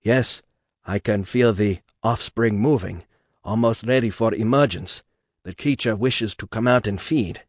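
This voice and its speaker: A man's voice: medium pitch, moderate pace, a little mellow, no echo, studio quality, close to an everyday voice. A man voicing a fussy, coldly curious male doctor who speaks clinical, broken English.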